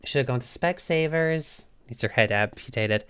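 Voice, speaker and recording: A woman's voice: rumbling low, normal speed, hardly any pauses, smooth. A woman streamer telling a story to her chat in a casual, sweary way, laughing often. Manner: animated, sweary, frequent laughs.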